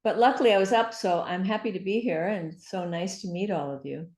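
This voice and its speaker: A woman's voice: mid-range voice, fairly quick, a little mellow. A woman guest on a video call, talking in a chatty, rambling, apologetic way. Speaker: guest speaker. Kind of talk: casual chat. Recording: roomy echo.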